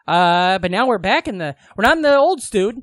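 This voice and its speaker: A man's voice: high voice, sing-song, moderate pace, a bit bright, no echo, studio quality. A man co-hosting a comedy podcast, rambling and swearing in casual banter, full of fillers. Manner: rambling, profane, many fillers. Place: small comedy radio studio.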